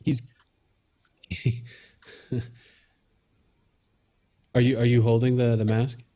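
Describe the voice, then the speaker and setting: A man playing a tabletop game, giving brief, low-key replies. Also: level tone, slow, dark tone. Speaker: player. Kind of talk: casual tabletop game play.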